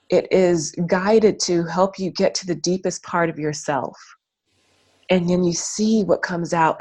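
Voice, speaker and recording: Woman, interview guest; low-ish voice, earnest reflective storytelling, loose and filler-heavy. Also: a little mellow.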